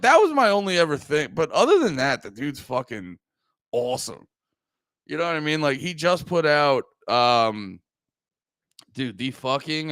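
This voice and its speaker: A man hosts a comedy podcast, rambling crudely through tangents in a smooth, clear voice. The sound is dry and close to the mic, with no room echo. Now and then he mocks people in a squeaky put-on voice. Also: a bit bright. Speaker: podcast host. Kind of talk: casual comedic podcast rant.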